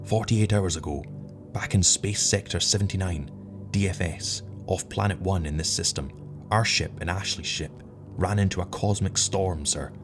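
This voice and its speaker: A man's voice: low-pitched, unhurried. A man voicing a dying, badly burned spaceman who whispers in broken, short phrases, with faint music behind. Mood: faint, failing.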